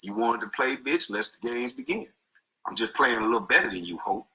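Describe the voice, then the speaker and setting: A man's voice: medium pitch, animated, fairly quick, pushed and bright, breathy edge, poor audio. A middle-aged man, a former basketball player, delivering an angry, taunting rant full of insults in a played clip.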